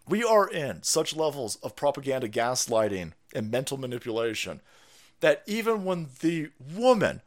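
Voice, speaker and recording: A middle-aged man ranting through profane live-stream commentary. He laughs often and swings between loud outbursts and low mutters. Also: big pitch swings, unhurried.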